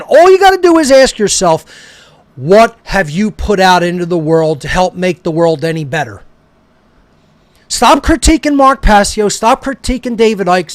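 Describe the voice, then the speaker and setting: A man's voice: high-pitched, no room sound. A male talk show host delivering a heated, profane, confrontational monologue straight at his listeners. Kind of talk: angry ranting monologue.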